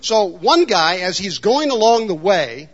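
A man with a high voice preaches a sermon to his congregation in a church. He wonders aloud and asks the room questions. The recording is dull and lo-fi. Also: big pitch swings, unhurried. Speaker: pastor.

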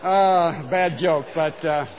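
A man preaching a sermon as pastor in a church, telling a folksy story with lively exclaimed punchlines. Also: a little high, takes it slowly, big-room sound, dull audio, a little hiss or hum. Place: church sanctuary.

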